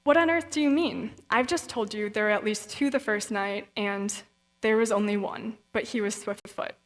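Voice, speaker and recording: A woman's voice: mid-range voice, moderate pace, lightly acted. A woman reading the part of a lonely young boy lost on a misty mountain, sounding earnest and puzzled. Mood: bewildered. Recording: long reverb of a hall.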